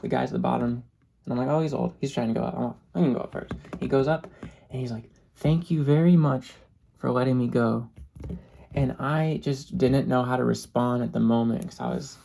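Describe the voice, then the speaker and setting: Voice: medium pitch, creaky, warm tone, slight background noise. An ASMR creator telling a travel story in a chatty, casual way. The speaker laughs often and drops in short Japanese phrases.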